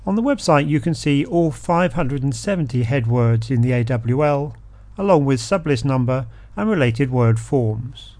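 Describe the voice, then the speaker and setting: A man's voice: mid-range voice, mellow, no echo. Man reading a word list, dry. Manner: measured, reads word lists steadily. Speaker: podcast host. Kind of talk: scripted educational narration.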